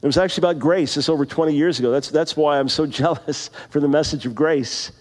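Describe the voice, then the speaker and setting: A man of about sixty delivers a sermon from the pulpit, with a voice pitched somewhat high for a man. He moves between loose personal anecdotes and slow, emphatic scripture reading. Long reverb from a large hall trails after his words. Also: a little mellow. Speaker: preacher.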